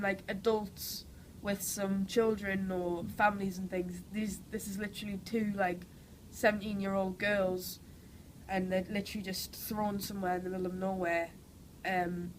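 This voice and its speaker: This rough recording, with a little hiss or hum, captures a young woman from Newcastle talking at a medium pitch in her Geordie accent. She's an actress with a cold, chatting enthusiastically in a casual interview and sprinkling in plenty of "like" and "you know."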